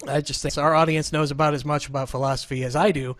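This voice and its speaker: A man's voice: fairly high pitch, fairly even intonation, fast, fairly bright tone, no room sound. A man hosting his podcast in a casual, joking, rambling, self-deprecating chat with a remote co-host. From Southern Illinois. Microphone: remote call setup.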